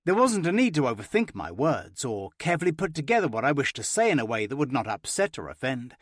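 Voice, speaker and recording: A man narrating a first-person romance audiobook with an expressive, playful reading. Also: medium pitch, fast talker, no room sound.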